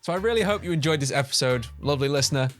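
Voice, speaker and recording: A man's voice: fairly high pitch, expressive, racing, soft background music. A man co-hosting a podcast, chatting casually with a playful, laughing manner. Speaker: podcast co-host. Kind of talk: casual comedic chat.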